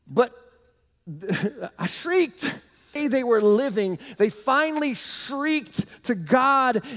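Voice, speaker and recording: High-pitched guy preaching, big animated storyteller, long echo like a big church. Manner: animated storytelling with shouted shrieks and laughs. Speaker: pastor. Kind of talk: sermon. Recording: long hall reverb.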